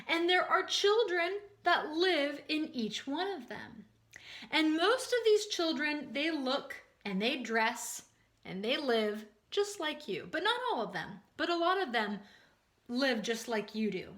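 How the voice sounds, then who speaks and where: A woman teaching a social studies lesson to young children, leading call-and-response repetition in a slow, sing-song way. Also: high voice, expressive, fairly bright tone, roomy sound.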